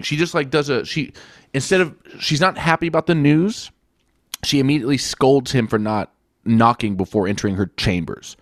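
A man hosting a casual podcast about films, talking in an animated way and swearing as he retells a plot. His voice sits at an ordinary middle pitch. The recording is dry, with no room sound. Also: normal speed, dry recording. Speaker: podcast host. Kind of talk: casual film review chat.

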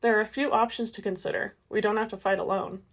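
A woman's voice: mid-range voice, fairly even intonation, fast talker, gravelly. A woman voicing a brash, confident male vampire who relishes a fight, in an audiobook. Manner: blunt, upbeat.

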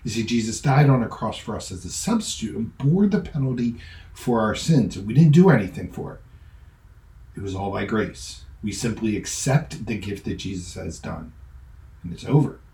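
A man's voice: on the low side, big pitch swings, moderate pace, gravelly, warm tone. A man hosting a podcast, giving a conversational sermon that moves from a personal story into earnest teaching with emphatic repetition. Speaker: pastor and podcast host. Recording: roomy echo.

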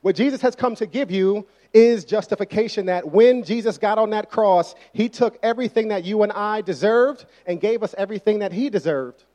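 A young adult male pastor delivering a sermon. He talks in a casual, conversational way and leans hard on his key points. His voice sits a little higher than most men's. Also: normal speed, hardly any pauses, warm tone, highs cut off. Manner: conversational, emphatic preaching.

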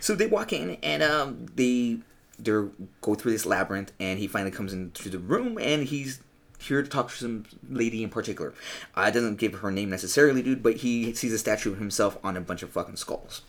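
A young man rambles through a comic book review on a podcast, swearing freely and calling everyone dude. His voice sits on the low side for a man. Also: lively intonation, brisk, vocal fry. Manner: profane, rambling, says dude a lot. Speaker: podcast co-host.

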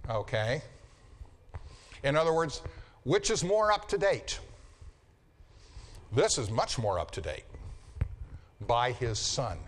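A man's voice: medium pitch, sing-song, takes it slowly, pauses often. A man lecturing a Bible class, repeating key phrases for emphasis and checking in with his students. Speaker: Bible teacher.

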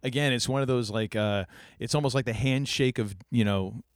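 A man's voice: mid-range voice, normal speed, no echo, clean studio sound. A man hosting a casual podcast, talking enthusiastically and rambling with many restarts. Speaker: podcast host. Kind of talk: casual chat.

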